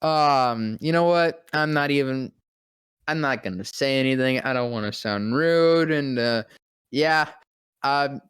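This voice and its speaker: A man, a guest voice actor, telling a story in casual podcast chat, profane and animated, often dropping into deep voices when quoting people. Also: measured pace, clear, resonant tone, dry recording, studio quality.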